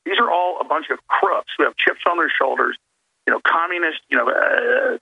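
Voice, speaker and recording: Gravelly-voiced man on a muffled line. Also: sits high, big pitch swings, moderate pace. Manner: rambling, emphatic, addresses listeners directly. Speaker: show guest. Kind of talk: phoned-in political commentary.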